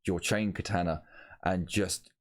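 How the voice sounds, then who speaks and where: A man with a very low, deep voice runs a tabletop game over a voice call. He talks casually, stops and starts, and keeps correcting himself as he narrates. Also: steady tone. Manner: casual, halting, with frequent ums and self-corrections. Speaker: game master.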